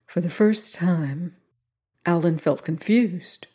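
A narrator reading a science fiction story aloud in a measured, steady way. The reading is even and unhurried. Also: mid-range voice.

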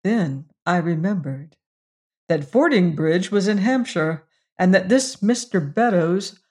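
A slow, measured audiobook reader. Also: medium pitch, animated, a little mellow. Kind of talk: scripted narration of a period story.

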